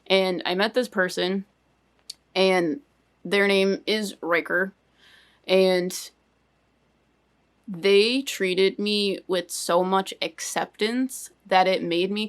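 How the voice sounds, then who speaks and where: A young woman giving an emotional personal life update, halting and full of fillers, trying not to cry. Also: on the low side. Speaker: channel host.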